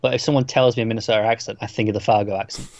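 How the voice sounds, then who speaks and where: A man's voice: on the low side, steady tone, very fast, a little mellow, muffled recording, slight background noise. A man co-hosting a podcast in casual chat about films, teasing and opinionated. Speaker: podcast co-host. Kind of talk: casual film-list chat.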